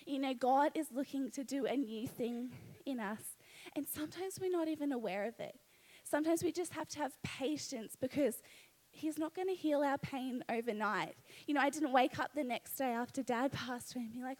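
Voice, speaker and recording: A young Australian woman preaches live in a church, her voice sitting high. She talks earnestly and conversationally, and she keeps turning to the crowd with "you know what" asides. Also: moderate pace, a little mellow. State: pregnant. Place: church hall, live service.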